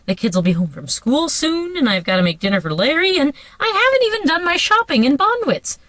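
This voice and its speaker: A woman rehearsing the part of a nervous married woman who talks in a rushed, breathless way, in the front seat of a car. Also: high-pitched, sing-song, fairly bright tone, dry recording, pitched above the performer's own voice. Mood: flustered. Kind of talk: solo line rehearsal.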